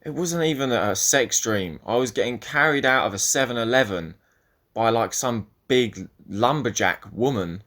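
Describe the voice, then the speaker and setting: A man's voice: mid-range voice, lively intonation, normal speed, fairly bright tone. A young man hosting a solo podcast, rambling and swearing as he talks, often cutting himself off mid-sentence. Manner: rambling, profane, self-interrupting. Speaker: podcast host.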